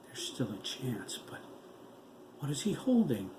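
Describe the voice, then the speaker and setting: A man's voice: medium pitch, huge pitch swings, unhurried, reverberant, noisy background. A man playing a haunted, shaken doctor. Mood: desperate thought. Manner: hushed, desperate thoughts and whispers. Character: haunted middle-aged male doctor, desperate and shaken.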